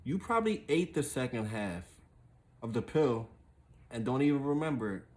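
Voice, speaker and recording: A man's voice: mid-range voice, animated, normal speed, darkish tone, lightly acted. A man quoting an older woman coworker. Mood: explaining.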